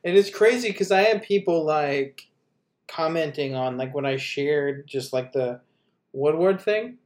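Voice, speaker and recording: High-voiced man ranting sarcastically. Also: expressive, unhurried, darkish tone. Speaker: podcast co-host. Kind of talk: casual political chat.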